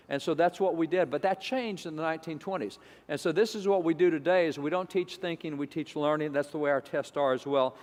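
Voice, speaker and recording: A man's voice: fairly high pitch, in a large hall. A man giving an emphatic, repetitive lecture to an audience. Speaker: speaker.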